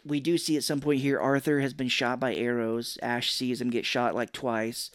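A man's voice: medium pitch, clean tone, no room sound. Man recapping a movie, dry close sound. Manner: animated retelling with quick voiced impressions and laughs. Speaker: podcast co-host. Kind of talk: casual movie recap chat.

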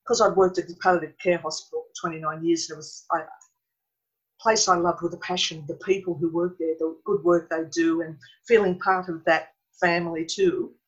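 Earnest halting Australian woman, muffled sound. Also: fairly low pitch, fairly even intonation. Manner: earnest, halting, restarts mid-sentence. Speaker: guest. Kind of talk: emotional personal account. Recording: dull lo-fi recording.

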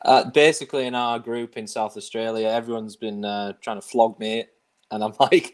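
A man's voice: on the low side, steady tone, normal speed, clear, resonant tone. Easygoing English-born man guest. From England. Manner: easygoing, laughs readily. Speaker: guest player. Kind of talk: casual chat.

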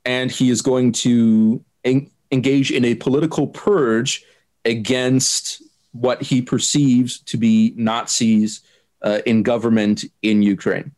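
A man answering interview questions, laying out his view in a careful, measured way and pausing often with hesitant fillers. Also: medium pitch, steady tone, darkish tone. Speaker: interviewee explaining politics. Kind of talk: unscripted explanatory interview.

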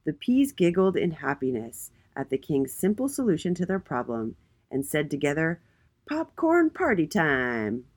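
A woman hosting a children's story read-aloud, reading gently and expressively. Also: deep voice, very animated, normal speed. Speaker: host.

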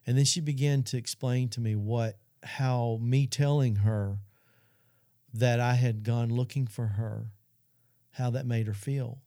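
Middle-aged man, Christian talk host, earnest storyteller, warm low tone, dry close sound. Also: fairly even intonation, unhurried, dry recording. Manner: earnest storytelling, addresses audience. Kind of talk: Christian talk show testimony.

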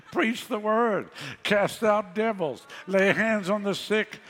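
A man's voice: high voice, lively intonation, slow, fairly bright tone, long reverb tail. A male pastor preaching a sermon in a conversational way, with sarcastic asides.

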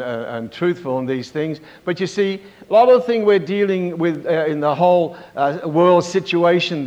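Halting preacher man, lo-fi recording. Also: fairly high pitch. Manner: halting, with many fillers and restarts; asks the congregation for amens. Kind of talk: sermon, Bible teaching. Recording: dull lo-fi recording.

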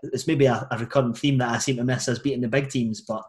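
A Scottish man hosting a casual podcast, asking questions and sharing memories in a relaxed, chatty way. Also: mid-range voice, quick pace. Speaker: podcast host.

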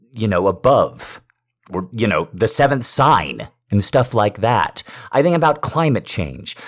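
Earnest man pleading softly then loudly. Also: lowish voice. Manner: earnest, pleading, swinging from hushed to loud. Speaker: partner persuading someone to have a baby. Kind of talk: intimate role-play monologue.

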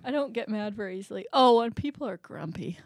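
A woman's voice: mid-range voice, animated, quick pace, no room sound, studio quality. A woman co-hosting a podcast, chatting casually with crude, giggly humor. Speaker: podcast co-host. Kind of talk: casual chat.

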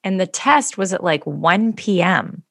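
A woman in casual chat, telling a story in an animated way and acting out the people in it. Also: lowish voice, unhurried, dry recording, studio quality. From Canada. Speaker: podcast co-host.

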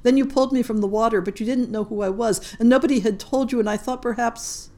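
A woman's voice: fairly high pitch, fast talker, warm tone, voice pushed up, lightly acted. A woman reading a short story aloud, voicing a tearful young Frenchwoman in hiding, in an earnest, urgent way. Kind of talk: audiobook reading.

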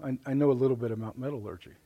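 A middle-aged man with a Midwestern American accent preaching a live sermon in church, animated and joking, often repeating his words. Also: medium pitch, racing, dry recording, narrow, tinny audio. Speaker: pastor. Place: church sanctuary.

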